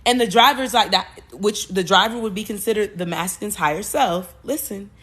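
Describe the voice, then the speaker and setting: A woman hosting a podcast, retelling a movie plot in a loose, animated way, with cursing and frequent self-corrections. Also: medium pitch, normal speed. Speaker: podcast host.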